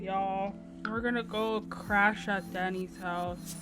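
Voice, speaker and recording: A young woman giving casual let's-play commentary on a life-sim game, chatty and quick to exclaim. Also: mid-range voice, fairly even intonation, over music. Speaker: gaming channel host.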